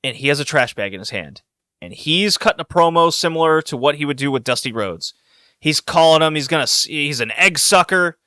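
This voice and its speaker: A man co-hosting a podcast, telling a story in a casual, animated way and laughing along. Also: on the high side, a little fast, smooth, dry recording, studio quality. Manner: animated storytelling, laughing, voices rising when excited. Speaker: podcast co-host.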